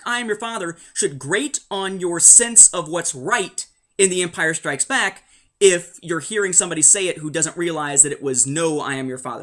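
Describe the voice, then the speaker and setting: A man's voice: fairly high pitch, a bit bright. A man hosting a casual spoken review, rambling along with dry jokes and asides. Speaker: host of a book and comic review show.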